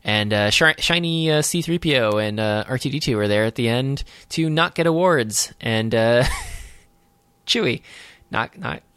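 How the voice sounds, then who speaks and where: A man's voice: medium pitch, expressive, measured pace, fairly bright tone, clean tone, no echo. A man hosting a podcast, recapping a film in casual chat with wry, sarcastic asides. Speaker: podcast host.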